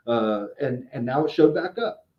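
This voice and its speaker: A man's voice: mid-range voice, animated, normal speed, roomy sound, dull audio. A man in casual podcast chat, a credit repair specialist explaining things at length, often restarting and repeating words.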